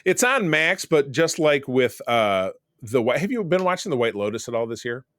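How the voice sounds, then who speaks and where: Podcast host guy, mid pitch, rambly chatty recaps, dry close mic. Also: very animated, moderate pace, fairly bright tone, no room sound. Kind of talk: casual chat.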